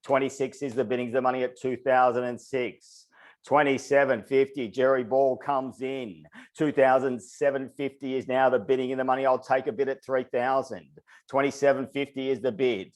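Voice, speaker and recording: A man calling bids at an online charity auction in a steady, repeating auctioneer's patter, slightly out of breath. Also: mid-range voice. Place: online webinar.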